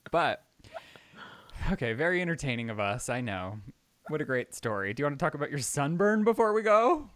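A man's voice: a little high, brisk, dry recording. A young man co-hosting a casual podcast chat, teasing and telling stories with lots of energy. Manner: chatty, teasing, animated storytelling. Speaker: podcast co-host.

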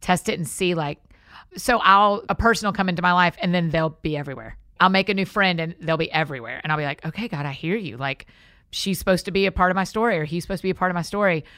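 A woman's voice: fairly low pitch, quick pace, a bit bright, no room sound, clean studio sound. A woman hosting a casual faith conversation, chatty and affirming. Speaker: podcast host.

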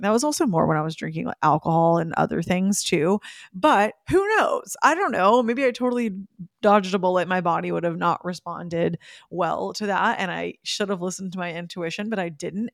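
Chatty woman with a gravelly edge. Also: lowish voice, no echo, studio quality. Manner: chatty, laughs often, spiritual wellness talk. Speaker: podcast host. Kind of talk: casual storytelling monologue.

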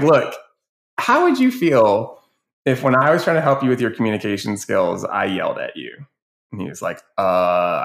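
Low-voiced man telling classroom stories. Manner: animated storyteller, quotes kids in raised voices. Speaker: guest educator. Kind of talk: casual podcast conversation.

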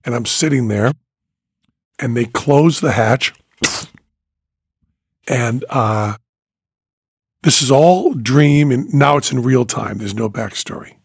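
An older man hosting a podcast, telling a story in a lively way, dropping quiet and then rising almost to shouting. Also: medium pitch, takes it slowly, gravelly, pauses often, slightly rough, no echo, studio quality. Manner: animated, swings from quiet to near-shouting when acting out panic. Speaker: podcast host, magician and comedian.

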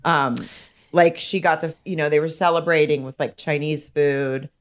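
A woman's voice: sits low, fairly even intonation, normal speed. A woman comedian co-hosting a podcast, chatting casually in a blunt, profane, chatty way. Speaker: podcast co-host. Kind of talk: casual chat.

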